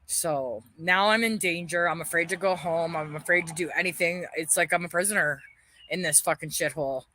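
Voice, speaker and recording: A woman's voice: fairly low pitch, brisk, bright, forceful tone. A woman ranting bitterly on a livestream, swearing heavily and airing her grievances. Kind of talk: angry livestream rant.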